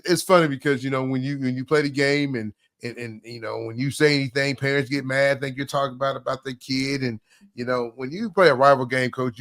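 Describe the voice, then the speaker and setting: A man hosting a sports talk show, ranting loudly and preachily with slangy asides. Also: medium pitch, no room sound, clean studio sound.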